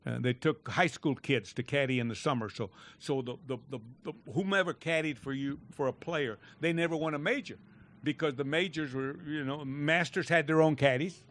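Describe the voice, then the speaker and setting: Animated older man telling a golf story. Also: fairly high pitch, normal speed. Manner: animated, laughing, shouting out quoted lines. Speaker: golf pro telling stories. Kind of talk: storytelling in a fireside chat.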